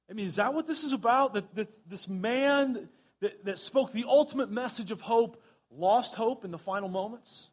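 Man pastor, earnest sermon delivery, higher voice with a breathy edge. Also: normal speed. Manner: earnest, reads scripture aloud with frequent restarts. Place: church sanctuary.

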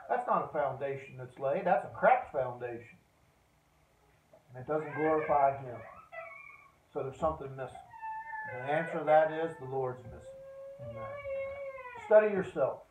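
A pastor preaching a sermon to his congregation, fervent and rising to loud exhortation. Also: on the high side, sing-song, unhurried, long pauses, noisy background. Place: church sanctuary. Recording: roomy phone-like live stream from far off.

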